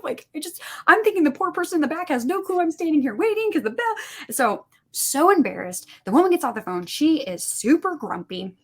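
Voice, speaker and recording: A woman guest on a podcast telling stories in casual conversation, acting out quoted dialogue with lots of "like" fillers. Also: fairly high pitch. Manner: animated, acts out quoted dialogue, many "like" fillers. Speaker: podcast guest, suicide prevention instructor.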